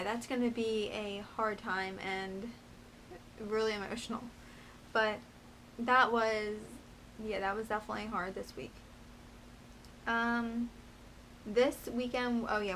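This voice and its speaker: A woman's voice: fairly high pitch, fairly bright tone. Chatty pregnant young woman vlogging. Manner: chatty, rambling, with many fillers. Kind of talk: casual chat. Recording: faint background noise.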